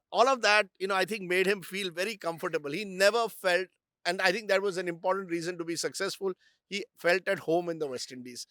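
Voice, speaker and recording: A middle-aged man speaks with an Indian English accent, his voice pitched high and captured dry and close. He tells stories in an animated, conversational way and slips easily into Hindi phrases. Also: smooth, no echo. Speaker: guest speaker. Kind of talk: conversational storytelling on stage.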